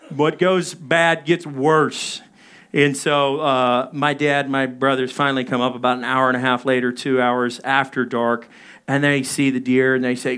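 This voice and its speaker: A man in his thirties preaching a sermon, telling a personal story with animated delivery and acting out his own panicked calls. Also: medium pitch, normal speed, smooth. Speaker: pastor.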